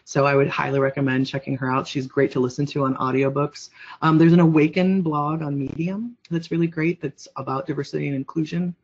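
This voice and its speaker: A woman's voice: low voice, fairly even intonation, brisk, darkish tone, breathy edge, dull audio. A woman giving a casual webinar presentation and answering questions, chatty and rambling, with lots of fillers.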